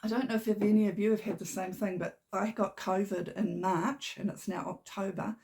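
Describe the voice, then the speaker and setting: A woman's voice: mid-range voice, steady tone, moderate pace, darkish tone. A woman, hosting a knitting podcast from home in a chatty, rambling way, her voice a little shaky. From New Zealand. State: slightly shaky voice. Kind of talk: casual chat. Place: home room. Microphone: camera on a tripod.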